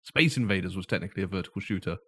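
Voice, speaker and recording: A man's voice: low voice, rapid-fire, a bit bright, husky. A man co-hosting a podcast, telling the story in a casual chat and often laughing as he goes. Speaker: podcast co-host.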